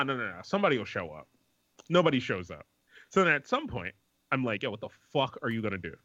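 A man's voice: mid-range voice, no echo. A man co-hosting a podcast, telling a story in casual chat, swearing a lot and acting out the people he quotes. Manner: profane, animated, acts out quoted people. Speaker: podcast co-host. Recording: dull lo-fi sound.

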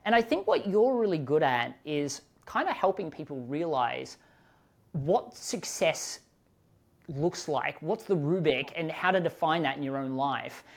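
A man hosting a podcast interview, telling stories in an animated, expressive way with sudden lifts in his voice. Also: gravelly. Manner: animated, expressive storytelling with quick rises in pitch. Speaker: podcast host. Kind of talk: conversational interview.

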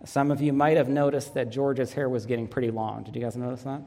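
A man's voice: medium pitch, little pitch movement, fast, dark tone, long reverb tail. A man in his thirties preaching a sermon as pastor, earnest and telling stories with light humor. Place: church sanctuary.

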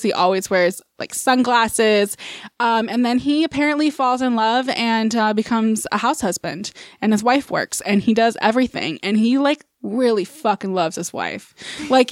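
Chatty young woman, fairly high voice, swears freely, dry close recording. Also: dry recording. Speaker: podcast co-host. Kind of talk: casual chat.

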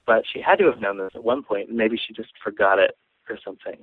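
A man's voice: fairly low pitch, quick pace, fairly bright tone, husky, dry recording, low-quality recording. A young man casually telling funny stories about a friend, chatty and laughing as he goes. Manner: chatty, laughs while telling, frequent restarts. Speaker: guest storyteller. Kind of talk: casual storytelling.

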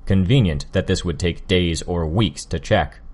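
A man voicing a stern, angry male hero in an audiobook, gruff and defensive. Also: sits low, normal speed, darkish tone, pitched below the performer's own voice.

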